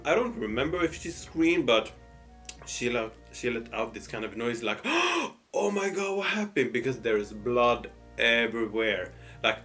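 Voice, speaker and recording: Guy doing a storytime over food, lots of ums and restarts, mid pitch, soft music behind. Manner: hesitant, full of fillers and restarts. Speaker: storytime host. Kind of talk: casual storytelling while eating.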